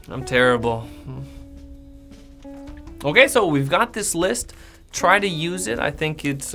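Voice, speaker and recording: An American man, an English teacher, gives a casual lesson straight to the camera and acts out sample replies in a friendly, animated way. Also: medium pitch, vocal fry. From United States.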